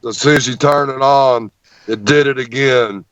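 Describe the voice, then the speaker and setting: An interview guest tells a story at a moderate pace, animated and often tripping over repeated words. His voice is an ordinary middle pitch, and the sound is muffled and dry with no room echo at all.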